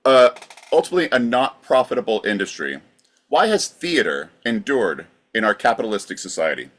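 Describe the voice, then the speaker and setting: A man's voice: mid-range voice, big pitch swings, fairly quick, fairly bright tone. A man co-hosting a live comedy podcast, asking questions in a wry, joking manner.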